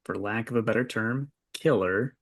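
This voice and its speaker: A man co-hosting a podcast in casual chat, giving easygoing, measured opinions. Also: fairly low pitch. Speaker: podcast co-host.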